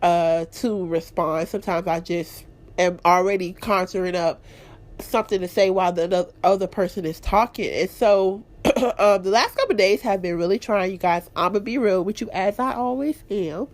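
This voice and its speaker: A woman hosting her own podcast, talking candidly and expressively about her week and her faith, clearing her throat now and then. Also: mid-range voice, normal speed. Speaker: podcast host. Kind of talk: casual personal talk.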